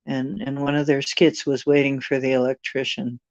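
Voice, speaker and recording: A woman's voice: rumbling low, level tone, moderate pace, darkish tone, dry recording, lo-fi sound. A woman hosting a livestream, chatting casually with viewers in a rambling, joking, self-deprecating way. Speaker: livestream host.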